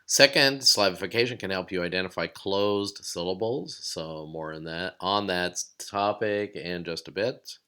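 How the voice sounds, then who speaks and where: A man giving a recorded lesson, explaining steps calmly and sounding out words slowly. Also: deep voice, clean tone. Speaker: teacher.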